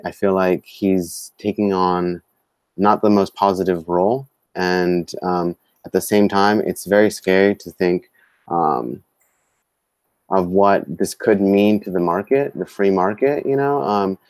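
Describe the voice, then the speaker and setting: A man co-hosting a live-streamed talk show, speaking in a halting way with many fillers and restarts. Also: low-pitched, a little mellow, clean tone, no echo. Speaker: co-host. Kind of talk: live-streamed casual discussion.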